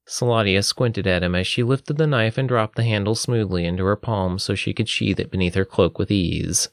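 A man with a low voice narrates a fantasy tale at a steady, even pace. The recording is close and dry, with no room sound around him. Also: moderate pace, few pauses, no room sound. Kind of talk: storybook narration.

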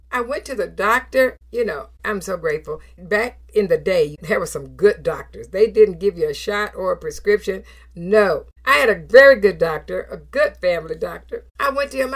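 Animated woman preacher delivering a sermon. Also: mid-range voice. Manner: emphatic, animated, with numbered points and scripture quotes; affirming hums and soft laughs between phrases.

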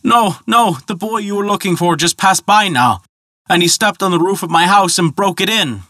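A man's voice: high-pitched, normal speed, pushed and bright, dry recording, studio quality, pitched above the performer's own voice. A man voicing a small, frightened male muskrat who pleads through tears in a storybook tale. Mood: pleading, tearful. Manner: crying, pleading.

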